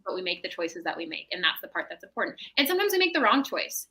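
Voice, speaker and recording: A woman's voice: fairly low pitch, big pitch swings, fast talker, bright, forceful tone, poor audio. A woman, a mental health professional appearing as a podcast guest, talking in a reflective, explanatory way and often checking in with "right?". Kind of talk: casual podcast chat.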